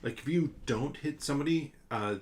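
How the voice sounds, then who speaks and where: A man's voice: mid-range voice, moderate pace. A man hosting a solo board game playthrough, thinking aloud and counting out damage and cards. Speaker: board game channel host.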